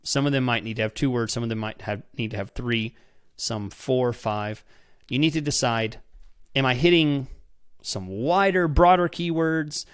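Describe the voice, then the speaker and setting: A man's voice: medium pitch, moderate pace, clear, resonant tone, no echo. Man explaining step by step, dry sound. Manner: explains step by step with frequent "okay?" check-ins; repeats words while restarting sentences. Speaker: podcast host. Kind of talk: instructional podcast talk.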